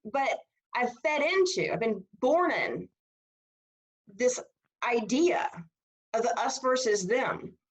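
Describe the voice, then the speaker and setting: A woman's voice: on the high side, takes it slowly, pauses often, rough recording. Chatty woman teaching over a video call. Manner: animated, conversational, asks rhetorical "right?". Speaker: history instructor. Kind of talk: casual seminar lecture.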